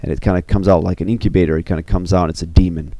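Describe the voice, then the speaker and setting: Deep gravelly man pitching a story. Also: steady tone, very fast, warm tone, dry recording. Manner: loose and rambling, full of 'you know' and 'kinda'. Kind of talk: casual spoken story pitch.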